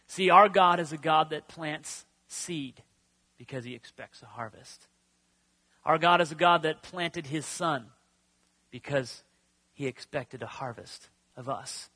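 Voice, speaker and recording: A man preaching a sermon as pastor, drawing out key words slowly and swinging between loud declarations and hushed, near-whispered lines. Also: a little high. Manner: slow, drawn-out emphasis on key words.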